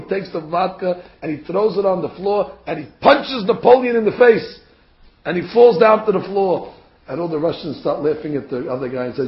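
High-voiced man telling a Torah lesson. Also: fairly quick. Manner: animated storyteller, rising to emphatic peaks. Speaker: religious teacher. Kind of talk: storytelling Torah class. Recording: roomy, dull recording.

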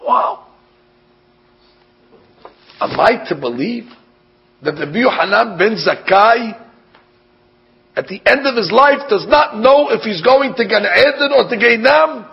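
Raspy, high-pitched preaching man. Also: measured pace, long pauses. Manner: animated, rhetorical questions, mixes Hebrew terms. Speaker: rabbi giving a Torah class. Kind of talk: sermon. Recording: dull lo-fi recording.

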